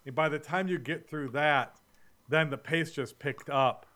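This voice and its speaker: A man's voice: a little high, measured pace, a crowd in the background. A man co-hosting a podcast, chatting casually about a book with blunt, opinionated complaints. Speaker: podcast co-host. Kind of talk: casual book-review chat.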